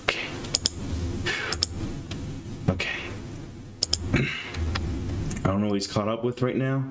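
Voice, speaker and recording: A young man hosting a live stream in casual chat, nervous and excitable, stammering and rambling. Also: lowish voice, slow, noisy background. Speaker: streamer host.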